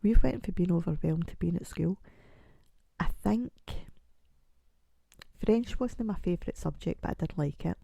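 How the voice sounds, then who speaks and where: A woman in her forties hosting a casual solo podcast. She rambles and pokes fun at herself, and she sounds croaky from a chest infection. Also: lowish voice, moderate pace, long pauses, warm tone, no room sound. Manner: rambling, chatty and self-mocking. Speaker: podcast host.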